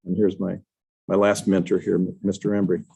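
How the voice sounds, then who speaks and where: An older man with a low, husky voice tells folksy stories to a club meeting. He quotes the mentors who shaped him in their own words and restarts his sentences often. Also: level tone, moderate pace, dark tone, rough recording. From Wisconsin. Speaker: guest speaker. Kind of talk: storytelling talk to a club meeting. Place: meeting room.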